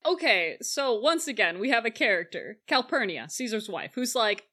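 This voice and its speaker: A woman chatting casually about a film, animated and joking, acting out lines in silly voices. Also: a little high, normal speed.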